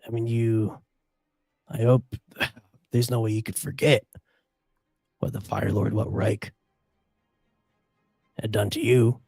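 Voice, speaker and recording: A man plays a wry former agent who now wears a sheriff's badge. He speaks in a lowish, gravelly voice that stays dry and low-key while he probes. The sound is close and dead. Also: flat delivery, takes it slowly, long pauses, a little mellow, dry recording, soft background music, exaggerated voice. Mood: pointed.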